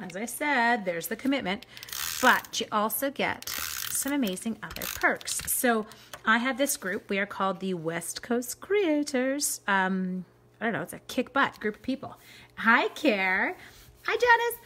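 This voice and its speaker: A woman's voice: mid-range voice, a bit bright. Chatty woman demoing crafts live. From Canada. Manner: chatty, upbeat, greets live viewers by name. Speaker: card-making demonstrator.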